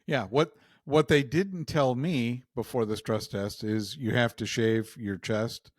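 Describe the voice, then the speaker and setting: A man's voice: medium pitch, slow, no room sound, clean studio sound. A man co-hosting a casual talk show, joking about himself with a wry sense of humor. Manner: wry, self-mocking humor, laughs often. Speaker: podcast co-host. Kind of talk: casual chat.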